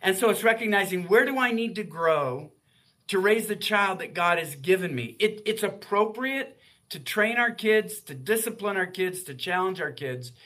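A man's voice: high-pitched, animated, normal speed, pushed and bright. A man in his sixties, a guest author in a faith-based radio interview, talking in an earnest, heartfelt way.

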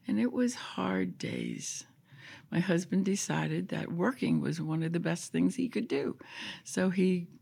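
A woman's voice: fairly low pitch, vocal fry, darkish tone, slightly rough. An older woman sharing her life story as an interview guest, emotional and at times dropping to a whisper. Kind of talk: personal testimony in an interview.

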